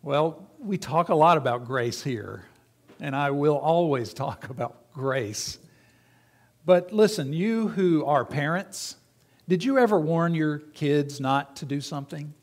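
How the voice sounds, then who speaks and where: A man delivers a sermon to his congregation in a fairly high voice. He keeps it conversational, putting questions to the room as he teaches. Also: expressive, slow pace. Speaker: pastor.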